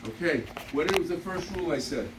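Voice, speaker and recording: In a roomy, distant, noisy recording, a man in his fifties leads a motivational sales training session. His fairly high voice moves briskly, and he's blunt and repetitive, hammering key points while laughing through his anecdotes.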